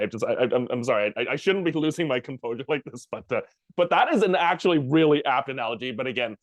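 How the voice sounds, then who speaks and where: A man's voice: medium pitch, animated, quick pace, dry recording. A man hosting a casual podcast interview, rambling through his questions with many restarts. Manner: rambling, many restarts and fillers, frequent backchannels. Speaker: podcast host.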